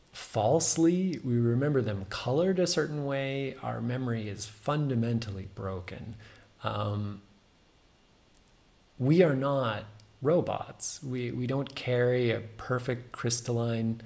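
A man's voice: medium pitch, creaky, warm tone. A man giving a casual, musing meditation talk, full of fillers and small self-amused laughs.

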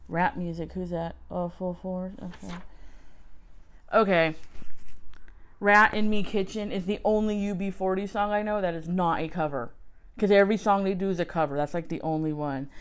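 A woman with a smooth voice chats casually as she reads an old music magazine out loud. She is wry and self-mocking, and she often breaks off to gasp over a find. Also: on the low side, steady tone, moderate pace. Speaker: podcast host.

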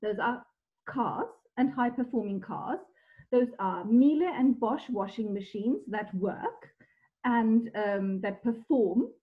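Woman, fairly high voice, enthusiastic and descriptive, lots of ums, tinny phone-like video call audio. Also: lively intonation, takes it slowly. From Germany. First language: German. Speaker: guest wine expert. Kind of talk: conversational video discussion.

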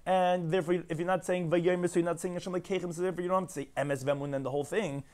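Rapid-fire rabbi teaching Talmud. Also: male voice, high-pitched, fairly even intonation, a little mellow. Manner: rapid explanatory delivery, reads and translates text line by line. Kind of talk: daily Talmud lesson.

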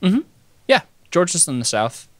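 A young man chatting on a podcast, thinking out loud and hedging with fillers and unfinished sentences. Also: fairly high pitch, big pitch swings, normal speed, dry recording. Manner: thoughtful, hesitant with fillers and trailing sentences. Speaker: podcast co-host. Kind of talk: casual chat.

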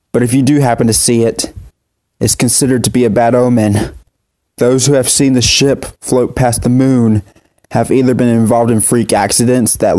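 A man voicing a frightened young male pup who speaks in a shaky, halting way. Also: mid-range voice, darkish tone, no room sound, clean studio sound, natural voice.

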